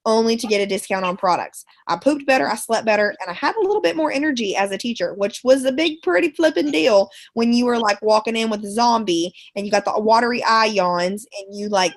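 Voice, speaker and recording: A woman, a schoolteacher and sales ambassador, gives a live motivational pep talk in a chatty, folksy way and repeats words for emphasis. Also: mid-range voice. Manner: chatty and folksy, calls listeners girlfriend and y'all. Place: live online call from home.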